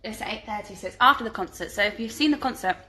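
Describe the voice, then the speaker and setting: A woman's voice: mid-range voice, racing, pushed and bright. A woman hosting a casual live fan Q&A from home on her phone, reading out questions, chatting and giggling, and cooing at her dogs. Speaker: musical theatre performer hosting a fan Q&A. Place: at home, indoors. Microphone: phone held at arm's length.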